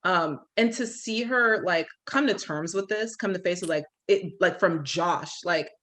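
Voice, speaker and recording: A woman co-hosting a relaxed recap chat at an even, middle pitch. She tells the story with energy and slips into little voices for the people she quotes. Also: a little slow. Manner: animated storytelling, acts out quotes. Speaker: podcast co-host.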